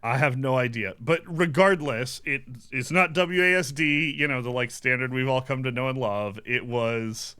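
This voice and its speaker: A man co-hosting a casual podcast chat, making relaxed, wry remarks. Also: medium pitch, normal speed, few pauses, smooth. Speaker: podcast co-host. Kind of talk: casual chat about a retro game.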